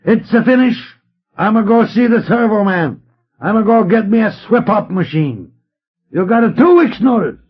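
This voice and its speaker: A man's voice: high voice, animated, normal speed, breathy edge, pitched above the performer's own voice. A man voicing a furious male theater manager who screams and sputters curses, from an old, dull-sounding record transfer.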